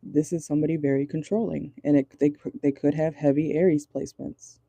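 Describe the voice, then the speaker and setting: This tarot reader talks informally from a car in a mid-range voice that's very dark and mellow, with vocal fry and a flat, brisk delivery. Now and then come swear words and nervous laughter, and the speech halts often during channeling. The recording sounds dry and near, with no reverb.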